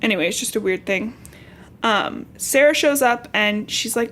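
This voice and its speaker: A woman's voice: on the high side, normal speed, fairly bright tone. A young woman from Cincinnati hosting a podcast, recapping a novel in casual, slangy chat with swearing asides. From Cincinnati, Ohio. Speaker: podcast host.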